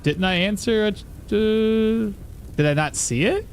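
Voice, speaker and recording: A man's voice: high-pitched, big pitch swings, brisk, a little hiss or hum. A man streaming a video game, chatting casually, thinking aloud and answering his chat as he plays. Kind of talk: live gameplay commentary.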